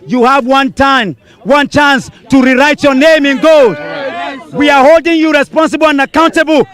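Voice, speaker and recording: A man with a Nigerian accent leading a street protest, declaiming demands to the crowd with forceful repetition. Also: extremely high pitch, fairly even intonation, moderate pace. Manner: forceful, declaiming, repeating lines for emphasis. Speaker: protest leader.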